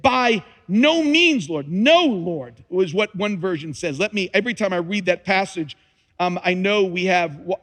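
This pastor's high-pitched, fairly bright voice fills a church sanctuary, where a large hall's long reverb trails after him. He delivers his sermon with dramatic scripture reading, emphatic repetition, and some humor.

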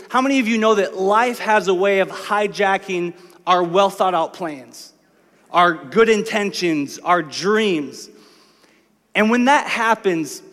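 A man's voice: sits high, a bit bright. A man preaching a sermon in a church, telling a story in a conversational way and building to emphatic lists. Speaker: pastor. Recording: long reverb of a large hall.

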